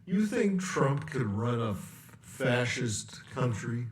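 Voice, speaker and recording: A man giving a rambling, sarcastic political rant with long pauses and restarts. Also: medium pitch, big pitch swings, far from the mic. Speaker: political commentator. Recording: echoey room, away from mic.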